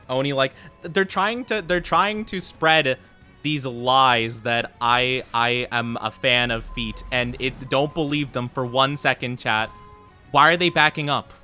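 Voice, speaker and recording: A man's voice: medium pitch, unhurried, sharp tone, soft background music. A man streaming as a VTuber, chatting playfully with his viewers and laughing easily. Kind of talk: casual live-stream chat with viewers.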